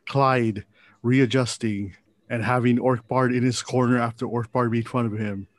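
A man's voice: mid-range voice, fairly even intonation, moderate pace, no echo. A man narrating as game master of a tabletop game, with joking asides and frequent laughs.

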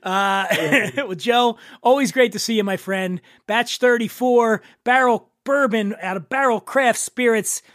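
A man hosting a podcast in casual chat, jovial and quick to laugh. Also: very high voice, fairly bright tone, dry recording, studio quality. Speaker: podcast host.

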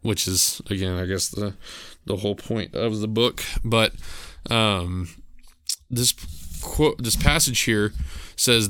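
Guy hosting a book podcast, bright clear voice, kinda unsure, lots of ums, dry close mic. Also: fairly low pitch, no room sound. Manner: hesitant, unsure, apologetic, with many pauses and fillers. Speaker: book club podcast host. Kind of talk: reading aloud and musing on a novel.

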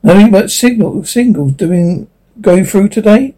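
Guy reading a prim fussy receptionist lady, correcting people, husky mellow voice. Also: high voice, lively intonation, unhurried, pitched above the performer's own voice.

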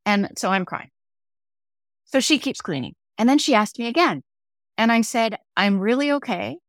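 A woman's voice: a little high, very animated, moderate pace, no room sound, clean studio sound. Reflective middle-aged woman telling stories. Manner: reflective, acts out quoted dialogue. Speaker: podcast guest. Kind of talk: conversational interview storytelling.

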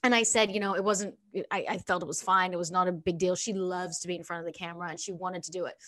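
A woman's voice: lowish voice, fairly even intonation, fast talker, a bit bright, dry recording. A woman, hosting a podcast and chatting casually, peppered with "like". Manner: chatty, lots of "like", acts out quotes. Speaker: podcast host.

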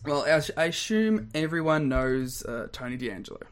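A man's voice: a little high, very animated, clean tone. Laughing young man on a podcast. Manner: laughs often, quick asides, playful. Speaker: podcast co-host. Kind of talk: casual podcast banter.

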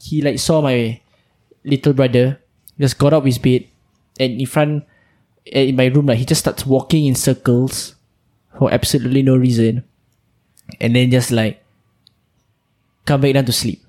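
A young man from Singapore with a Singaporean English accent, co-hosting a podcast and telling stories in a casual, animated way. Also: medium pitch, normal speed, long pauses. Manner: animated storytelling with Singlish particles. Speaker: podcast co-host. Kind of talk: casual chat.

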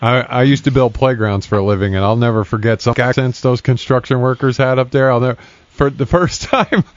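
A man's voice: medium pitch, brisk, dull audio. A man hosting a casual podcast, chatty and laughing often, swearing casually. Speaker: podcast host.

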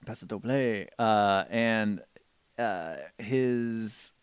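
A man's voice: on the low side, very slow, clear, resonant tone, dry recording. A man casually recapping a film on a podcast, rambling and acting out characters' lines in goofy voices. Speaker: podcast co-host. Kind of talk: casual movie recap chat.

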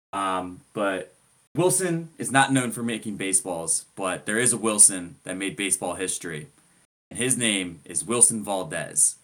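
A man's voice: on the low side, fairly bright tone. A man co-hosting a podcast, giving an enthusiastic, rambling recap of a player's career. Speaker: podcast co-host. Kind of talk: casual sports podcast chat.

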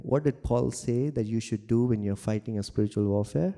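A man's voice: fairly low pitch, brisk, few pauses, warm tone. A male pastor preaching a sermon, driving points home with repeated declarations and light jokes. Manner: emphatic, repeats declarations in rising waves; jokes and laughs with the congregation.

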